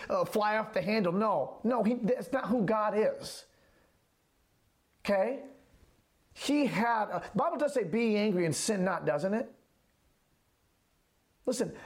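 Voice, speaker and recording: A man preaching a sermon as a pastor, emphatic, repeating key phrases and asking rhetorical questions. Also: high-pitched.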